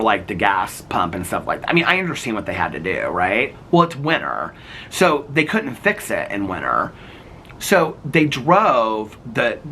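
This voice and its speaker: A man vlogging outdoors in his neighborhood with a handheld camera, telling animated, gossipy stories and laughing often. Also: medium pitch, slight background noise. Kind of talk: casual outdoor vlog chat.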